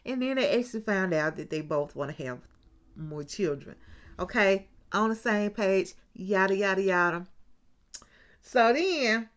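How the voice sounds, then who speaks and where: Woman, casual reality TV recap, chatty, acts out what people said, asides to viewers, middle pitch. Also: expressive, a little slow.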